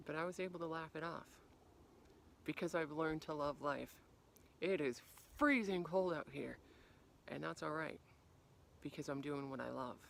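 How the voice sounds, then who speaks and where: A woman life coach giving a motivational talk to camera outdoors in the cold. She acts out quoted reactions with big jumps in pitch and volume, then drops to a soft, quiet voice on reflective lines. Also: normal speed, gravelly, pauses often.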